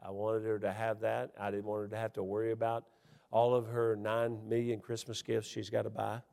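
A pastor delivers a sermon to his congregation in a lively, folksy way, speaking fairly quickly with a creaky voice. Telling personal stories, he swings widely in pitch and loudness, from loud, emphatic peaks to near-confiding murmurs, with folksy asides and chuckles. A long reverb from the church hall trails each phrase.

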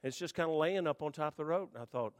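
A man preaching to a congregation, telling a rambling, animated story with restarts. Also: on the high side, fast. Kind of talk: storytelling sermon.

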